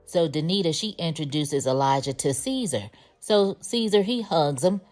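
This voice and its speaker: A woman with a notably low voice walks through a TV episode in a relaxed, conversational recap. She tells the story in a chatty way and drops in sassy little asides as she goes. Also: moderate pace, faint music behind. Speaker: TV show recap reviewer. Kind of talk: casual spoken episode recap.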